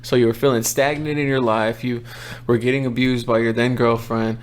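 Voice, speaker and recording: A man hosting a casual podcast interview, relaxed and prompting his guest with questions. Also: mid-range voice, normal speed. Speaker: podcast host.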